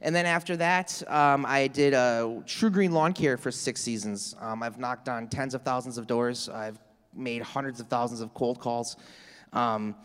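A man's voice: mid-range voice, fairly even intonation, a little slow, a bit bright, clear, resonant tone, in a large hall. A man guest in an interview, telling his story in an upbeat, salesman-like way. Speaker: real estate agent, interview guest. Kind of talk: casual interview talk.

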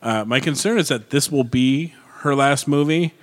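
A man's voice: mid-range voice, normal speed. A man co-hosting a podcast in casual chat, blunt and profane, with many fillers and restarts. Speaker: podcast co-host.

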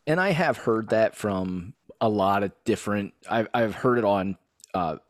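A man's voice: on the low side, expressive, a little slow, no room sound, clean studio sound. A man co-hosting a podcast, chatting with hesitations and the odd jokey mock announcement. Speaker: podcast co-host. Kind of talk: casual chat.

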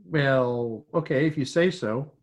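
A man's voice: mid-range voice, takes it slowly. A man co-hosting a casual podcast chat, making wry joking asides. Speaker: podcast co-host. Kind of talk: casual chat about old TV.

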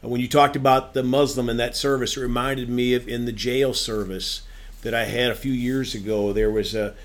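A man's voice: medium pitch, fairly even intonation, normal speed. Man, faith show host, earnest, affirming, conversational. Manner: earnest, affirming with amens and praise.

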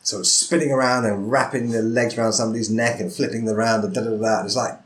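A man's voice: on the low side, steady tone, fast talker. A man hosting a podcast interview, talking in a thoughtful, rambling way and checking in with "right?". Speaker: podcast host. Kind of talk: casual interview chat.

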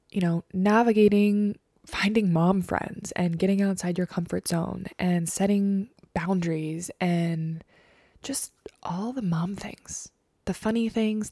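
Slow, mellow-voiced woman podcast host. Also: mid-range voice, no room sound, clean studio sound. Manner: earnest and emotional, often soft and breathy. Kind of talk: personal podcast monologue.

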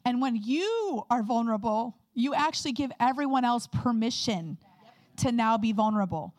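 Higher-voiced woman preaching candidly. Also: animated, a little mellow, no room sound. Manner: candid, conversational preaching with quick asides. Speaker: guest speaker. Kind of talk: sermon.

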